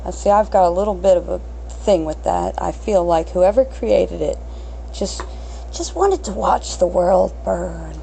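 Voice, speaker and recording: A woman's voice: on the low side, lively intonation, unhurried, vocal fry, mellow, slight background noise, rough recording. A woman in her thirties hosting an unscripted solo podcast, crass and blunt, swearing freely and mocking herself. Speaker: podcast host.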